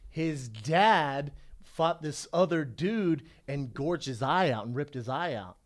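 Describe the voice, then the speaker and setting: A man co-hosting a casual podcast, telling stories in an animated way and swearing freely. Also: on the high side, slow. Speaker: podcast co-host.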